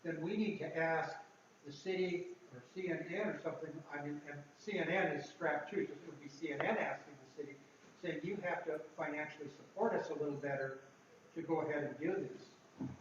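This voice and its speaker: Male board member, muffled by a mask, distant echoey room, a bit high-pitched. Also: slight background noise. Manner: muffled, speaking through a mask; halting, repeats words. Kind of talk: meeting discussion.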